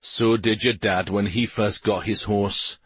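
A man voicing a loyal, steady guard captain with a clipped, matter-of-fact manner in a storybook reading. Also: lowish voice, a little slow, husky, no room sound. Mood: kindly.

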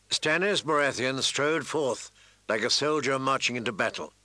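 A man reading fantasy fiction aloud in measured, deliberate scripted narration. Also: mid-range voice, bright, forceful tone, no echo, poor audio. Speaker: audiobook narrator.

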